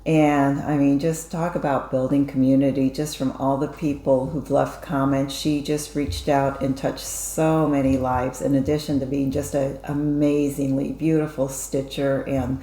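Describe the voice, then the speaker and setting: Woman, co-host, low voice, chatty, earnest, echoey room. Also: little pitch movement, unhurried, hardly any pauses. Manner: chatty, earnest, warm thanks with frequent fillers. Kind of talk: casual chat.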